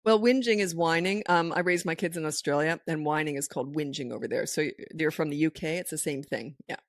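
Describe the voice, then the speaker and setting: A woman's voice: sits low, quick pace, dry recording. A middle-aged woman, a parenting coach and podcast host, answering listener questions in a firm, direct manner and acting out what parents should say, close to a studio microphone.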